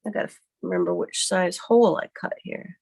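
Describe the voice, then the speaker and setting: Chatty, slightly hoarse woman crafter. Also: medium pitch, expressive, a little fast, a little mellow. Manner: chatty and rambling, thinks aloud while working. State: hoarse, recovering from a cough. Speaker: card-making livestream host. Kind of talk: casual craft tutorial. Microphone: computer webcam mic at her desk.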